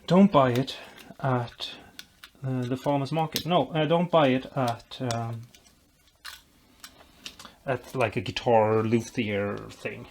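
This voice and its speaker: A man's voice: medium pitch, steady tone, slow pace, pauses often, a little hiss or hum. A man vlogging as he builds a guitar, explaining while he works, rambling and making self-deprecating jokes. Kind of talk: casual workshop tutorial chat.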